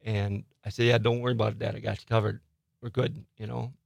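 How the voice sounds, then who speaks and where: An older man, speaking quietly as a radio studio guest. His voice has a gravelly rasp, and he often laughs through his stories. The sound is close and dry. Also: on the low side, little pitch movement, fast talker, no echo. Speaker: ghost tour guide and author. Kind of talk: casual interview storytelling.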